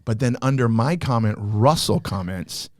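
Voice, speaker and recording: A male stand-up comic telling stories with animated energy and jumping into the voices he quotes. His voice sits at a middle pitch, recorded close and dry on a studio mic with no room sound. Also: moderate pace, no room sound. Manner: animated, acts out quoted lines. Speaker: stand-up comedian guest. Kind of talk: casual storytelling.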